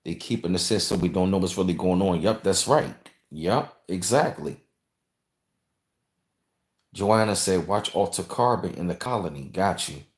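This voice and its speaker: Livestream host, male, lowish voice, loose rambling chat, roomy echo. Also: normal speed. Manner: rambling, conversational, repeats phrases, reads and thanks viewers. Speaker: channel host reading live chat.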